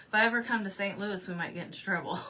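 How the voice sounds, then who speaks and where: A woman's voice: mid-range voice, sharp tone. A woman chatting casually with her livestream viewers while she paints at home, answering their comments and laughing often. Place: home room with desk.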